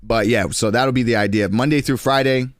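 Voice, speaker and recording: A young man in his twenties chatting casually on a stream, slangy and rambling, with quick restarts. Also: medium pitch, steady tone, no echo, clean studio sound.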